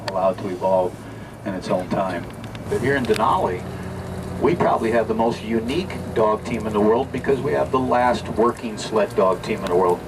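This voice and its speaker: A man acting as a tour bus driver guide, giving folksy, direct commentary. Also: fairly low pitch. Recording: distant, noisy bus recording.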